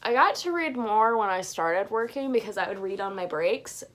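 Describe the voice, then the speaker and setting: A woman's voice: medium pitch, expressive, moderate pace, fairly bright tone. A young woman answering viewer questions in a casual chat, rambling and gushing, with frequent restarts. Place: home bedroom.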